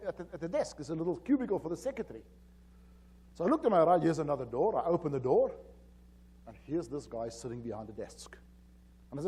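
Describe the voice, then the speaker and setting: Animated storytelling man at a conference. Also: fairly high pitch, husky. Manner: animated, acts out dialogue. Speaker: conference keynote speaker. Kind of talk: storytelling presentation. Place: conference hall.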